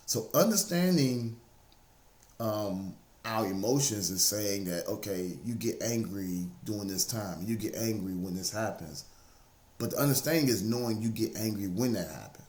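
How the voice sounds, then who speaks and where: A man's voice: on the low side, lively intonation, moderate pace, darkish tone. A man giving a casual, faith-based motivational talk, repeating key phrases over and over to drive them home. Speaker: motivational speaker. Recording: roomy, echoey room sound.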